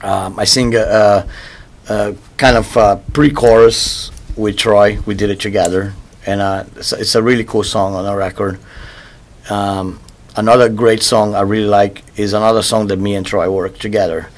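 A musician being interviewed about his album talks casually in a low voice. He rambles loosely about music, repeating words as he searches for the right ones.

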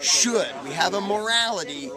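Insistent high-voiced man debating outdoors. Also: expressive, normal speed. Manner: insistent, challenging. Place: outdoors at a crowded festival. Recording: outdoor crowd chatter behind.

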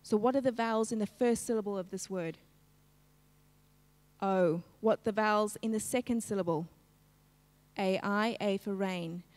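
A woman teaching a live-streamed phonics lesson, slowly segmenting each sound in a word and prompting the class to join in. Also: mid-range voice, darkish tone, in a large hall. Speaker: literacy teacher.

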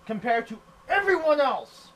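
A man's voice: very high voice, big pitch swings, normal speed, fairly bright tone, highs cut off. A man commenting on a video game as he plays, swearing a lot and ranting in frustration. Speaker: let's play gamer.

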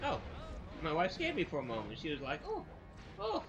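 A man hosting a let's play, giving excitable commentary that stammers and bursts into frustrated yelling. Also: a little high, fast talker. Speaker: gaming channel host. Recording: dull lo-fi sound with game music. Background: game music.

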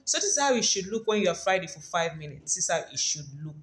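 A woman's voice: fairly low pitch, big pitch swings, quick pace, few pauses. A woman hosting a cooking video. She chats playfully and talks straight to her viewers while she cooks. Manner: chatty and playful, addresses viewers directly. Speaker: cooking channel host. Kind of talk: cooking demonstration vlog. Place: home kitchen. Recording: echoey kitchen room.

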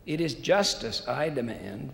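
Brief: man reading a stern, unyielding creditor with a gravelly voice in a big reverberant hall. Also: medium pitch, animated, a little slow, a bit bright. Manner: firm, unyielding. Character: stern male creditor demanding justice. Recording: long hall reverb, faint noise.

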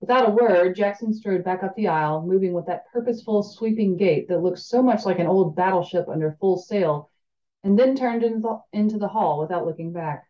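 A woman's voice: medium pitch, a little fast, warm tone, lo-fi sound. A woman reading a fantasy novel aloud, chatting and laughing in the breaks between passages. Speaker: reader of a fan audiobook.

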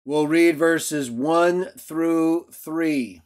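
A man's voice: fairly high pitch, extremely slow, a little mellow. A man teaching a Bible lesson in a video, argumentative and emphatic, who keeps checking in with "right?". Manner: emphatic outbursts. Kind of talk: lecture-style video commentary.

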